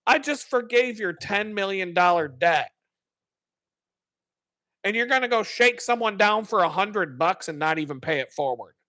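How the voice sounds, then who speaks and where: An angry ancient king, put on by a man retelling a story, snaps out profane, indignant rebukes. The voice sits high and sounds bright and forceful. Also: lively intonation, normal speed, no room sound, clean studio sound. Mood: furious.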